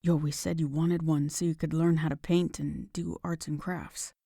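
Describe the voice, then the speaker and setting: Woman doing young male lover, audiobook, low soft voice, earnest, dry close sound. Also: little pitch movement, normal speed, creaky, husky, no echo, exaggerated voice. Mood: tender. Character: tender devoted young man, steady and firm.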